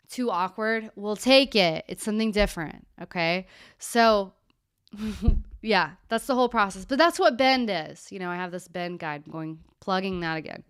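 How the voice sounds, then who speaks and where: A young woman and therapist chatting candidly on her live Q&A stream, with animated asides. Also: medium pitch, clear, resonant tone, no echo, studio quality.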